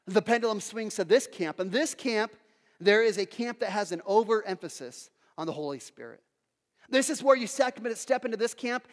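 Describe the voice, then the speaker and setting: A man preaching a sermon as pastor, telling stories with lively acted quotes and casual asides to the congregation. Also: sits high. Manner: animated storytelling with acted quotes. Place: church hall. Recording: long hall reverb.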